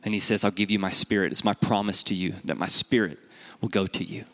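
A pastor telling a family story in a sermon, animated and conversational, his voice jumping up when he quotes himself. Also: a little fast. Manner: animated storytelling, rising in pitch when acting out dialogue.

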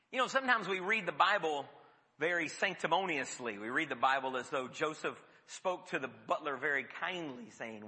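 A male preacher with a fairly high, very bright, cutting voice that carries through a reverberant hall. He preaches in a storytelling way and drops to hushed tones for emphasis. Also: fairly quick. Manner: storytelling with sudden drops to a near whisper. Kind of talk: sermon.

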